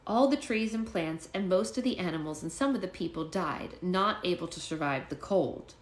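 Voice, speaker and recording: A woman's voice: on the low side, animated, moderate pace, roomy sound, natural voice. A woman reading a boy character's lines aloud from a storybook, in close to her own voice. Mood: storytelling.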